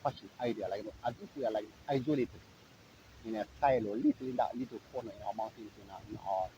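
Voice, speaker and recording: A man's voice: on the low side, quick pace, mellow, a little hiss or hum, low-quality recording. A man from Eritrea, talking in a rambling, sarcastic monologue full of "like, you know". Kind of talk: casual monologue.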